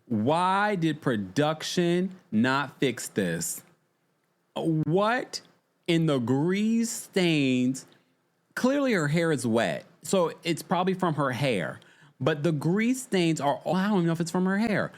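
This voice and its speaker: A man's voice: a little high, a little slow. A man hosting a casual reality TV recap, exasperated and chatty, reacting to his viewers. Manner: exasperated, animated, chatty, talks to the chat. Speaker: podcast host.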